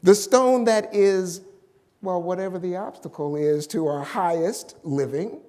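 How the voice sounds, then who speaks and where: A man preaching a sermon as pastor, slowly and emphatically, stretching out key words. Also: sits high, a little mellow, big-room sound.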